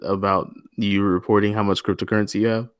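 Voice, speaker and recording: A man's voice: lowish voice, level tone, fast, clean tone, no echo, clean studio sound. A young man co-hosting a podcast, teasing and joking in casual profane chat. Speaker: podcast co-host.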